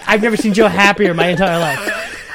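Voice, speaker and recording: A man's voice: high-pitched, steady tone, brisk, heavy background noise. A man co-hosting a casual podcast chat, telling stories with wry, joking asides. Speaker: podcast co-host.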